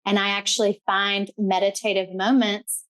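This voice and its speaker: A woman's voice: mid-range voice, flat delivery, moderate pace, fairly bright tone. A woman co-hosting a podcast in casual chat, reflective and long-winded in a roundabout way. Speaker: podcast co-host.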